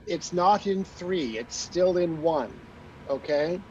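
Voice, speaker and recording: A man's voice: high-pitched, expressive, slow, darkish tone, a little hiss or hum. A man coaching an opera singer after her aria, chatty, with fillers, singing short phrases to show what he means. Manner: chatty, sings phrases to demonstrate, many fillers. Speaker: opera coach on a master class panel. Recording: dull lo-fi recording.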